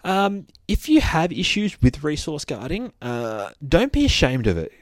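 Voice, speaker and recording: A man's voice: a little high, very animated, a little slow. An Australian man hosting a casual podcast as a dog trainer, rambling and good-humoured as he talks, breaking off now and then to chat with his dogs.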